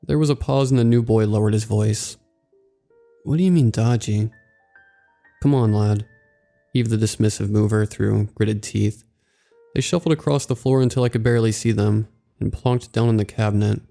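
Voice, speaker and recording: A man narrating a scripted horror story in a slow, measured way. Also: fairly low pitch, fairly even intonation, gravelly, dark tone. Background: faint background music.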